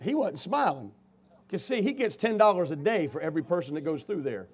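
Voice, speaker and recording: A man preaching a revival testimony, telling his story with rising shouted intensity. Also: a little high, very animated, fairly quick, breathy edge. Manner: storytelling, builds to loud shouting.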